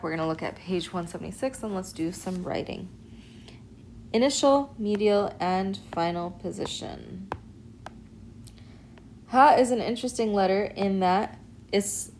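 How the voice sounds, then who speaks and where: A woman teaching an Arabic alphabet lesson, explaining and demonstrating sounds in a patient, clear way. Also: mid-range voice, a little mellow, slight background noise, low-quality recording. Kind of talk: recorded online lesson.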